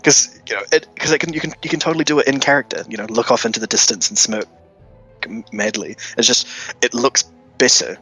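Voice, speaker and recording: A man co-hosting a podcast in casual chat, talking haltingly with frequent stumbles and restarts. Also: mid-range voice, pushed and bright, breathy edge, faint music behind, low-quality recording. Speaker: podcast co-host.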